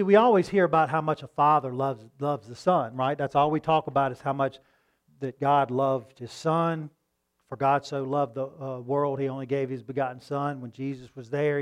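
A man preaching a sermon in a conversational tone, asking rhetorical questions and reading scripture slowly. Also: medium pitch, steady tone, clean tone.

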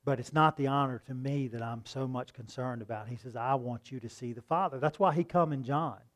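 A man preaching a sermon in a conversational tone, asking rhetorical questions and reading scripture slowly. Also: medium pitch.

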